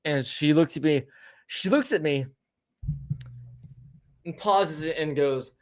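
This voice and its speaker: A man's voice: a little high, slow pace. A man hosting a podcast, telling a story in casual chat, swearing often and restarting his sentences. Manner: profane, rambling, frequent restarts. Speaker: podcast host.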